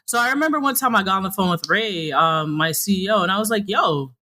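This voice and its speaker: Animated New woman, slangy and frank. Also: medium pitch, quick pace. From New York City. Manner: animated, slangy, swears casually, jumps into mock dialogue. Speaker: podcast guest, content creator. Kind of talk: casual interview chat.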